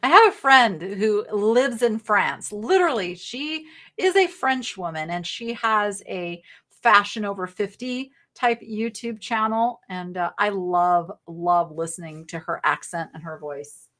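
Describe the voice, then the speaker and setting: A middle-aged woman from the American South hosts a live online sale, chatting and rambling as she thinks aloud while showing items. Her mid-range voice is expressive, a bit bright, and a little slow.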